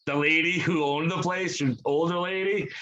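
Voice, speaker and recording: A man's voice: a little high, fairly even intonation, moderate pace, sharp tone, muffled recording, slight background noise. A young man co-hosting a podcast, telling rambling stories in casual chat, swearing freely and acting out quotes. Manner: rambling storyteller, swears a lot, acts out quotes. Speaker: podcast co-host.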